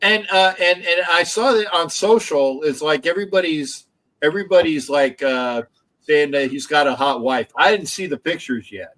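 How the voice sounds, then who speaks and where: A man with a fairly high voice hosts a loose sports livestream. He rambles through his thoughts and restarts sentences often. He swears casually along the way. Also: normal speed, fairly bright tone, rough recording. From Philadelphia area. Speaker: livestream host.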